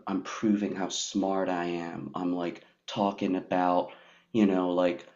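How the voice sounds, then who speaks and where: Guy rambling about himself, lots of "like", lowish voice, muffled audio. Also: a little mellow. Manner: halting, full of "like" and restarts. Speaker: participant. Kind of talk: candid personal sharing. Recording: dull lo-fi audio.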